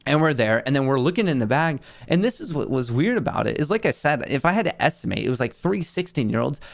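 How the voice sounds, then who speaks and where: A young man, host of his own show, telling a story in a casual, animated way and acting out the people in it. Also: medium pitch, fast talker, creaky.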